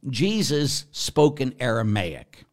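Speaking slowly in a mid-range, very animated voice, this middle-aged man is a Catholic priest teaching about faith. His talk is loose and conversational, wandering into tangents and peppered with rhetorical asides to the audience.

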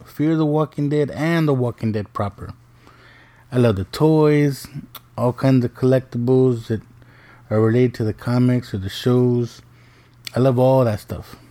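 A man's voice: mid-range voice, mellow. A middle-aged man hosting a podcast, telling family stories in a chatty, joking way. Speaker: podcast host. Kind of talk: casual monologue.

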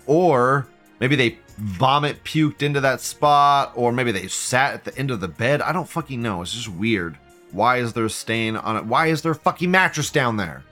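A man's voice: medium pitch, animated, moderate pace, fairly bright tone, faint music behind. A man hosting a live stream, ranting in a profane, agitated way and firing off repeated questions. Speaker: livestream host. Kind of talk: live-stream rant reading chat.

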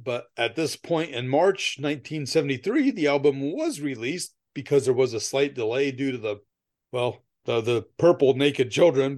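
A male podcast co-host talking in relaxed, casual chat. He tells long, rambling stories, laughs often and swears freely. His voice sits at a middle pitch.

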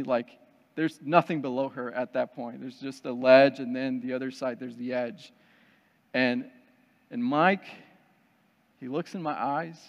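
A man's voice: mid-range voice, muffled recording. Man telling a story in a hall. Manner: conversational, self-deprecating and animated. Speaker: speaker telling a personal story. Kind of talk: storytelling talk to an audience.

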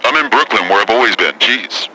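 A brash, foul-mouthed celebrity woman caller, put on by a man who rambles, curses and picks fights. The voice sits low, with a sharp, tense edge on every line. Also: expressive, moderate pace, slightly rough, heavily acted, poor audio. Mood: combative. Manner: profane, combative, rambling. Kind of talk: prank call impression.

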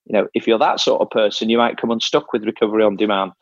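A man's voice: fairly low pitch, steady tone, fast talker, dry recording, lo-fi sound. A man coaching an athlete in casual talk, explaining step by step and often restarting his phrases. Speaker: triathlon coach.

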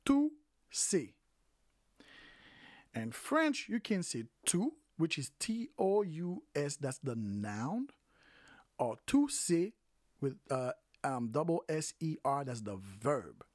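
A man hosting a podcast language lesson, talking in a relaxed way with many fillers and restarts, slowly repeating each phrase. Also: on the high side, no room sound, studio quality. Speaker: podcast host and language teacher. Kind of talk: casual spoken lesson.

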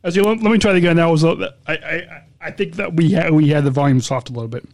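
A man's voice: fairly high pitch, fast talker, heavy background noise. A man co-hosting a podcast in casual chat, joking and laughing often. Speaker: podcast co-host.

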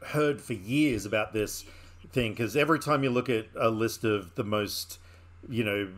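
A man's voice: lowish voice, normal speed, a bit bright. Enthusiastic man rambling about films. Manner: enthusiastic, rambling with fillers and restarts. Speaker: podcast co-host. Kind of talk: casual film chat.

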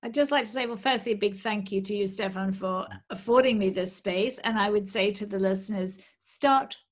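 A woman guest on a podcast, explaining her coaching programs in a steady, explanatory way. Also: medium pitch, normal speed. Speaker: menopause coach. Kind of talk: interview guest.

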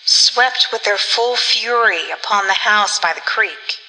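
Bright-voiced woman narrating a story. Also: mid-range voice, takes it slowly. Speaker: audiobook narrator. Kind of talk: scripted narration. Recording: long reverb.

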